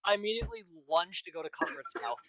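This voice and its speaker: A woman playing in an online tabletop game, asking quick questions in an animated way. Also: lowish voice, slight background noise. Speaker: player.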